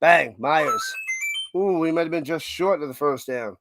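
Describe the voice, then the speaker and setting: A man's voice: a little high, fairly quick, over music. A man with a New York accent, hosting a live watch party with casual play-by-play commentary and chatting with viewers between plays. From United States. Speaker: livestream watch-party host doing play-by-play.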